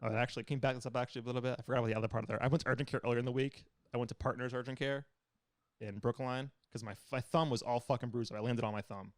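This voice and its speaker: Fast-talking profane man telling a story. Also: medium pitch, no echo, clean studio sound. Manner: storytelling, profane, animated retellings. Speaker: podcast co-host. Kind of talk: casual chat.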